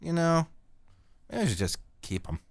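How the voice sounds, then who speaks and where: A middle-aged man from Canada hosting a podcast, telling rambling stories in a crude, deadpan comic way. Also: on the high side, unhurried, no room sound, studio quality. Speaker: podcast host. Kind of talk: casual profane storytelling.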